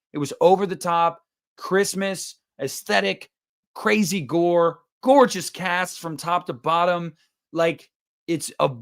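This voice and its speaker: A man's voice: fairly high pitch, a bit bright. A man in his thirties hosting a livestream, chatting casually in a rambling, profane and joking way. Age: 30s. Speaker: livestream host.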